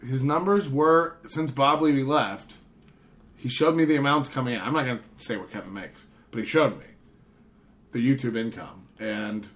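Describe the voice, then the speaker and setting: A man's voice: medium pitch, moderate pace, a bit bright. A man co-hosting a casual podcast wrap-up, telling stories animatedly and laughing often. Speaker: podcast co-host. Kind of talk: casual chat.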